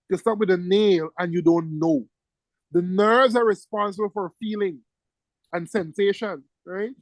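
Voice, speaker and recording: A middle-aged man with a lilt teaches medicine to exam students in a high, lively voice. He leans on key words and keeps asking "right?" The sound is close and dry. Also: no room sound, low-quality recording. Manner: emphatic, repeats key words, checks in with "right?". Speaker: medical lecturer. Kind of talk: exam-prep lecture to students.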